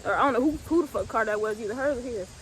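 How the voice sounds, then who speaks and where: A woman's voice: a little high, rapid-fire, slight background noise, low-quality recording. A young woman from the US Midwest telling a storytime in a blunt, profane, laid-back way with lots of fillers. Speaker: vlogger. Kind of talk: casual storytime.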